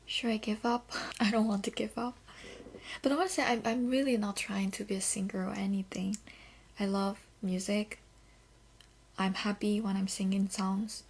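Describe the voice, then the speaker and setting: A husky mid-range voice with fairly even intonation belongs to a young Korean-accented woman hosting a solo podcast at a moderate pace. Her talk is casual, candid, and reflective, flowing loosely, and she often leads with "so."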